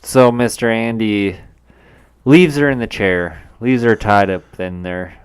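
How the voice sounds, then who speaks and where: A man speaking slowly and easily as a podcast co-host, adding to a movie recap and answering with lots of short agreeing replies. His voice is low and smooth, recorded close and dry. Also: no room sound. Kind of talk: casual movie recap chat.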